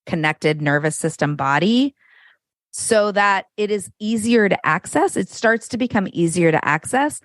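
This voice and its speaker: Appearing as a podcast guest, this middle-aged parenting coach talks frankly and candidly in a casual conversation, cursing freely along the way. She has an expressive mid-range voice and keeps a measured pace. The sound is dry and clean, studio quality.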